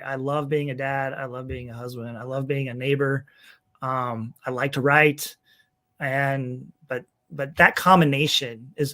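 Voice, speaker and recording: A man of middle pitch speaks as an interview guest. He is a pastor who talks earnestly in relaxed conversation, stacking up short lists with repeated phrases. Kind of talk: casual interview talk.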